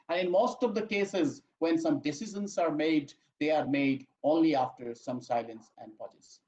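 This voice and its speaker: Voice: medium pitch, expressive, moderate pace, hardly any pauses, darkish tone. A lecturer gives an online training talk. The delivery is emphatic, repeats key phrases and keeps addressing the listeners as "my dear friends.". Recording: echoey room, dull lo-fi audio.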